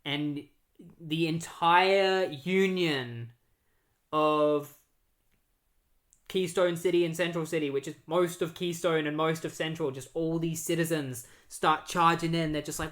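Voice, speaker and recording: A casual podcast host recapping a comic storyline, rambling with lots of "like" and "uh". Mid-pitched, with an even, everyday delivery that keeps dipping into quick character voices. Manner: rambling, filler-heavy, breaks into quoted voices.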